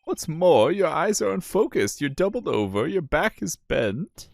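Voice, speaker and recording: A man voicing a sharp young male defense lawyer who presses and lists points. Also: fairly high pitch, very animated, unhurried, creaky, dry recording, clean studio sound, pitched above the performer's own voice, full character voice. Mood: accusing. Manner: pointed, listing accusations.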